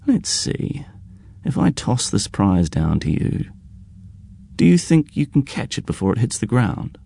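A man voicing a cocky young man who teases his younger brother in a croaky, crowing voice. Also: lowish voice, big pitch swings, measured pace, mellow, no room sound, voice pushed up, full character voice. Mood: mocking. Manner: mocking, showy, theatrical.

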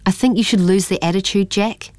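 A woman voicing a bold, quick-tongued young girl who speaks sharply and bluntly in a storybook reading. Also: medium pitch, fairly even intonation, a little mellow, no room sound, lightly acted.

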